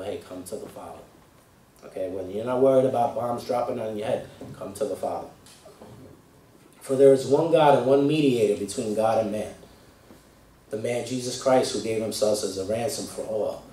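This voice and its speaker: A man, a deacon, delivering a sermon in a conversational way. He often checks in with the listeners and grows loud when he reads scripture aloud. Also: fairly low pitch, a little hiss or hum. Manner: conversational, asks "right?" and "okay?", rises loud when reading scripture. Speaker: deacon preaching. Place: church hall. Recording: echoey room, voice from a distance, faint ambience.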